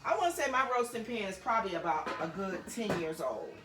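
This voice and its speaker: A woman's voice: mid-range voice, very animated, a little fast, roomy sound. A woman vlogger cooking in her home kitchen, chatting playfully to viewers with laughing asides. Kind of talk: casual cooking demonstration.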